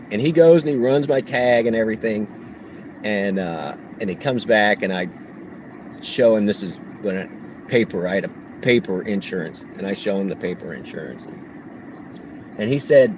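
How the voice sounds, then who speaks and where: A man livestreaming on the road as a delivery driver, telling a story in a casual, animated way and laughing often. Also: on the low side, moderate pace, a little hiss or hum, low-quality recording.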